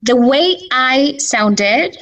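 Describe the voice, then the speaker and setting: A woman's voice: high-pitched, animated, very slow, a bit bright, distant mic, low-quality recording. A woman whose first language is Spanish, chatting as an interview guest in English, full of fillers. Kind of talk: casual conversational interview.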